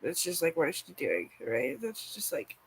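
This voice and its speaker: A woman's voice: low voice, sing-song, normal speed, slight background noise, poor audio. Rambling, foul-mouthed woman vlogger. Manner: rambling, profane, frequent "like". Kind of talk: casual rambling chat.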